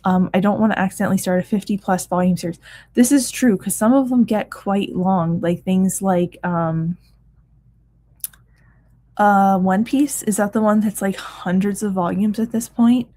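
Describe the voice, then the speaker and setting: A woman's voice: mid-range voice, steady tone, moderate pace, mellow. Tired chatty woman streamer. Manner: chatty, many ums and restarts, laughs often. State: tired, yawning. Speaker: reading sprint livestream host. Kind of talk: casual chat reading live comments.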